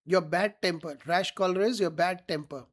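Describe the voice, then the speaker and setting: A man's voice: sits high, moderate pace. Male teacher. Reads a line aloud, then explains it simply and checks students follow. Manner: reads each quote then paraphrases it plainly, often checks "got it?". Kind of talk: line-by-line literature lesson.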